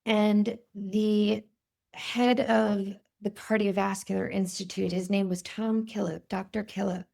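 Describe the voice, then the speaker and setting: A woman in her fifties, a cardiologist guest, telling stories in an interview in a vivid, animated way. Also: medium pitch, a little slow, vocal fry. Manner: animated, vivid storytelling with quoted voices. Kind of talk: storytelling in a podcast interview.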